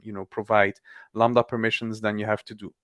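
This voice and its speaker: A man in casual technical chat, animated, with quick restarts, acting out other people's lines. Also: lowish voice, no echo.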